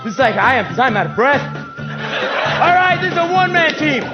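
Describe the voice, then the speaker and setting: An actor playing a brash, crude young male jock bully who shouts, taunts and laughs at his own jokes, in a comedic stage play. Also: extremely high pitch, sing-song, normal speed, muffled recording, over loud music. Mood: mocking.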